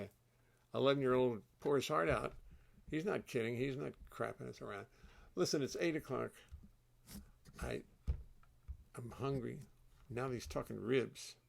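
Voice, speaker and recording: Gravelly-voiced older man chatting. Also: medium pitch. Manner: rambling, chatty, warm-hearted storytelling. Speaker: host and bassist. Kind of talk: casual livestream chat. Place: home studio.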